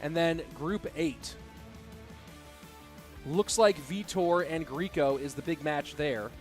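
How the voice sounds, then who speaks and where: A man casting a live esports match, excitable and incredulous, often breaking into laughter. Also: fairly high pitch, takes it slowly, faint music behind. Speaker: esports caster.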